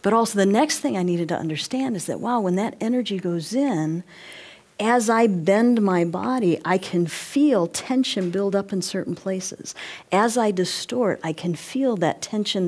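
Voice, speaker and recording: A woman presenting a live workshop, animated, guiding listeners through movements and often checking in with them. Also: medium pitch. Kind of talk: live interactive workshop talk.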